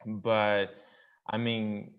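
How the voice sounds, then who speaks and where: A man's voice: on the low side, little pitch movement, extremely slow, clean tone. A young man from Brazil with a Brazilian Portuguese accent, a Portuguese native speaker chatting as an international student guest in a casual interview, talking enthusiastically with loose fillers and restarts. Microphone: video call. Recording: dull lo-fi video call audio.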